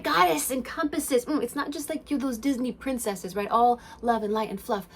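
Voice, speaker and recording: A woman's voice: on the high side, moderate pace, hardly any pauses, breathy edge. Emphatic, hard-swearing woman hosting a podcast. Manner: emphatic and profane, swinging between loud and hushed. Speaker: podcast host. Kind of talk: spiritual self-help monologue.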